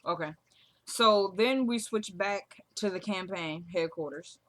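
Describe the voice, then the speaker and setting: A woman talks through a TV episode in a loose, joking vlog style. Her voice is bright and forward. She slips into the characters' lines as she goes. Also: mid-range voice, measured pace. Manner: chatty, jokey, acts out lines from the show. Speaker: TV episode recapper. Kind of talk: casual recap vlog.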